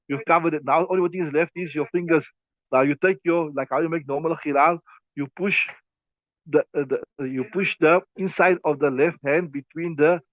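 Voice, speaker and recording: A man's voice: on the high side, dry recording. A man teaching a lesson on a classical text, repeating himself and talking listeners through hand movements. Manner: repetitive, demonstrating with his hands. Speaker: teacher of Islamic law. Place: class also streamed online. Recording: tinny phone-like audio.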